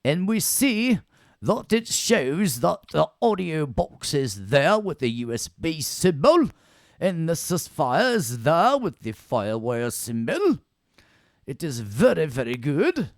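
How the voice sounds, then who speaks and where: A man's voice: a little high, sing-song, takes it slowly, dry recording, studio quality, voice pushed up, heavily acted. A man putting on a pompous British lecturer. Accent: put-on British.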